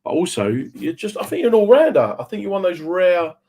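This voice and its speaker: A man's voice: high-pitched, big pitch swings, fairly quick, warm tone, husky. A man hosting a radio show, telling stories in casual chat and doing the voices of the people he quotes. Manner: chatty, swaps into voices when quoting people.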